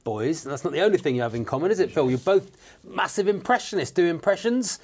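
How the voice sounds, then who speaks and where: A man hosting a comedy quiz show, brisk and upbeat as he introduces guests. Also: a little high, lively intonation, darkish tone.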